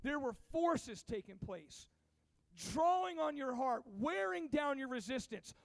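A man's voice: extremely high pitch, lively intonation, measured pace, gravelly. A man preaching an urgent sermon to teenagers at a youth camp, stumbling and repeating words as he pushes on. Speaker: pastor. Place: large hall at a youth camp. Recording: reverberant hall.

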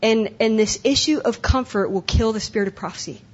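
A woman's voice: fairly high pitch, brisk, husky. A young adult woman speaking at a conference breakout session, earnest and emotional, often repeating herself. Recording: dull lo-fi live recording.

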